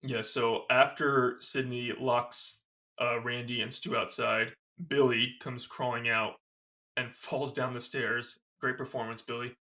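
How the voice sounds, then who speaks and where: On a podcast, a male co-host casually recaps a movie scene by scene, animatedly quoting its lines and swearing along the way. He has a mid-range voice and an unhurried pace.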